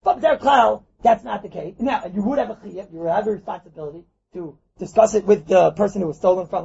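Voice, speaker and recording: A man giving an animated Talmud class, acting out little scenes and mixing Hebrew and Yiddish terms into his talk. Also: high-pitched, quick pace, gravelly, few pauses, husky, lo-fi sound. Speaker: Torah teacher.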